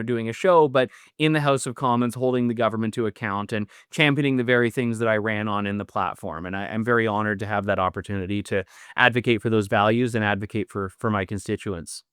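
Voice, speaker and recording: A man's voice: mid-range voice, a bit bright, clear, resonant tone, no room sound, studio quality. A middle-aged Canadian man, a newly elected politician, answering interview questions earnestly with frequent restarts. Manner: earnest, with many restarts and fillers.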